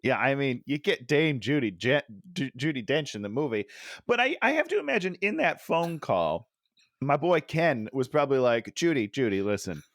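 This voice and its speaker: A man's voice: medium pitch, normal speed, no room sound. A man co-hosting a casual comedy podcast, his voice leaping up and down as he jokes around. The sound is close and dry, with no room behind it. He laughs often while he riffs. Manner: jokey, animated, laughs often. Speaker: podcast co-host. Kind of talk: casual comedic movie chat.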